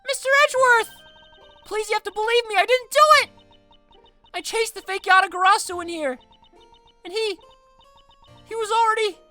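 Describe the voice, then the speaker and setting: Guy doing a squeaky panicked girl, begging, super high and loud. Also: normal speed, pauses often, faint music behind, exaggerated voice. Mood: pleading. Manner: frantic, pleading. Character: panicked teenage girl thief.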